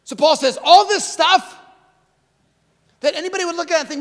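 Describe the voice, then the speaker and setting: A man in his forties preaching a sermon as pastor, emphatic, swinging between loud declarations and hushed near-whispers and repeating key words. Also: very high voice, brisk. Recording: hall reverb.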